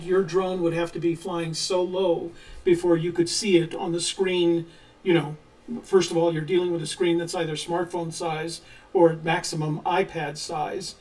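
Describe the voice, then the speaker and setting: A man co-hosting a casual live chat, answering viewer questions in a measured, explanatory way with frequent pauses. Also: a little high. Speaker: co-host of a treasure-hunt channel. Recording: voice a little distant from the mic.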